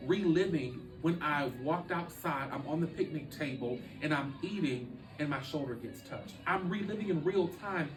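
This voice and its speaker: A man telling a deeply personal story as a podcast guest, speaking earnestly with halting restarts. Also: echoey room, recorded from a distance, over music, poor audio.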